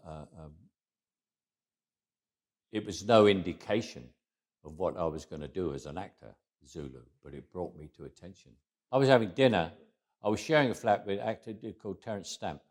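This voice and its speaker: Deep-voiced man in his eighties, anecdotal interview storytelling, stumbling restarts, endings that drop away softly. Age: 80s. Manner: repeats words at restarts, trails off quietly at phrase ends.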